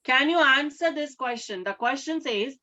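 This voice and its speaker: A woman science teacher giving a classroom lecture, often pausing to check in with her students and repeating key terms. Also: high voice, lively intonation, very noisy. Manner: keeps checking with questions, repeats key words.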